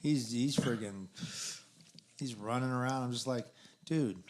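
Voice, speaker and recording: A man's voice: mid-range voice, normal speed. A man co-hosting a podcast in casual chat, rambling and trailing off with many restarts. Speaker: podcast co-host.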